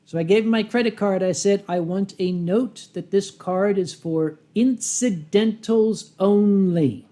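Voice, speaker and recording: A convention storyteller tells a humorous tale live in a high-pitched, mellow voice. His delivery is dry and wry, with dramatic pauses, frequent throat-clearing, and acted-out rehearsed lines of his own.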